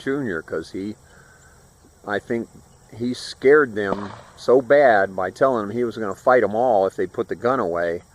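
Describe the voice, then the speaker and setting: Rambling older man telling a story. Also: lowish voice. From Florida. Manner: loose and rambling, acts out the raised voices of the people he quotes. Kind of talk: rambling first-person storytelling.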